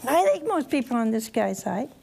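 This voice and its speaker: A woman's voice: fairly high pitch, very animated, moderate pace, vocal fry, warm tone, slight background noise. A woman preaching a storytelling sermon to a live audience, chatty and folksy, laughing at her own asides and acting out the characters.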